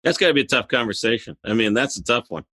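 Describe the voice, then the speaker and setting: A man's voice: mid-range voice, animated, fast talker, pushed and bright, dry recording, clean studio sound. A man with a Midwestern American accent, a surgeon interviewing a guest in a casual, curious, playful way.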